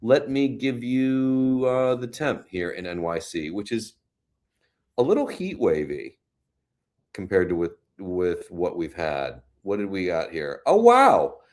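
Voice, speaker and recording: A man with a deep, low voice hosts a relaxed live stream from his home in New York City. He talks slowly and unhurriedly, chatting about the weather and answering viewer comments with gentle, consoling words. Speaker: host. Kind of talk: casual live-stream chat.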